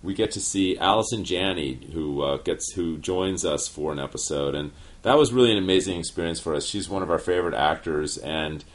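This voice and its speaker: A middle-aged man co-hosting a casual podcast chat, measured and given to hesitant restarts. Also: low voice. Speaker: podcast co-host, show writer.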